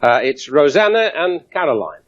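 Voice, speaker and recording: A man giving a lively public science lecture, demonstrating to an audience with wry asides. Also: fairly high pitch, normal speed. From England. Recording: dull 1970s broadcast recording.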